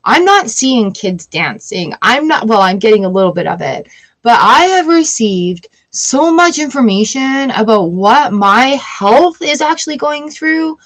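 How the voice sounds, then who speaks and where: Woman, forties, higher voice, chatty tarot reader, laughs easily. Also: animated, unhurried, fairly bright tone, low-quality recording. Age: 40s. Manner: chatty, emotional, laughs often. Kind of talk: casual livestream chat.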